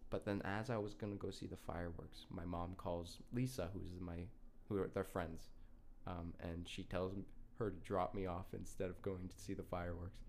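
A man's voice: low voice, fairly even intonation, normal speed, hardly any pauses, darkish tone, a little hiss or hum. Young male podcast co-host, loose rambling storyteller, profane and laughing. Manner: laughing, swearing, rambling with restarts. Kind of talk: casual storytelling chat.

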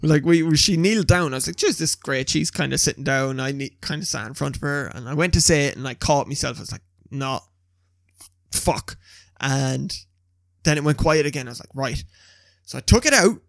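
A young man, an animated storyteller who swears freely in casual chat. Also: fairly high pitch, brisk, vocal fry, no room sound, clean studio sound. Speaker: podcast co-host.

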